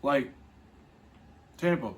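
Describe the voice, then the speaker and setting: A young man hosting a casual football podcast, ranting in an exasperated, profane, emphatic way. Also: very slow. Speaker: podcast host. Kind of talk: casual sports podcast rant.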